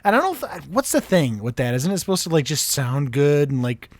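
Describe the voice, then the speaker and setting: A man's voice: on the high side, big pitch swings, a little fast, no room sound. A man chatting loosely on a podcast, rambling through fillers and laughing. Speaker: podcast co-host. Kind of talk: casual chat.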